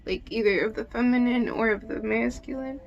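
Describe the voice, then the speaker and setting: A woman's voice: fairly high pitch, steady tone, brisk, gravelly, lo-fi sound, soft background music. A woman giving a casual tarot reading in a loose, emotional way, swearing often and saying "like" a lot. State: teary at times. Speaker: tarot reader.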